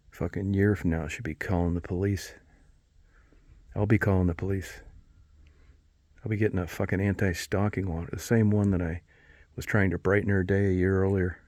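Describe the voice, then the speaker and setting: Low-voiced man, profane and wry. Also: steady tone, fairly quick, darkish tone, no room sound, clean studio sound. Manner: profane, wry, self-mocking rant. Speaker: vlogger. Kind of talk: rambling outdoor vlog.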